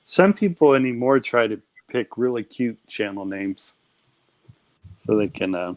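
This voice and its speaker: A man's voice: medium pitch, expressive, a little slow, darkish tone. A man hosting a casual live stream chat, playful and teasing, often laughing.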